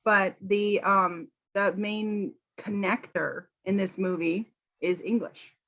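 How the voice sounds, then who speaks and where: A woman's voice: medium pitch, slow, lo-fi sound. Chatty American woman teacher. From United States. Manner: chatty, animated quoting. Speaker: English teacher, channel host. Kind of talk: casual chat about a film.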